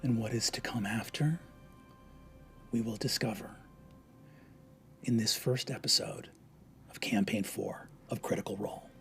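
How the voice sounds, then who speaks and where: A man narrating a tabletop role-playing game as game master, shifting between hushed whispers and urgent, raised passages. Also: on the low side, fairly even intonation, a little slow, creaky, pauses often, faint music behind. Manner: dramatic storytelling, dropping to whispers and rising to urgent shouts.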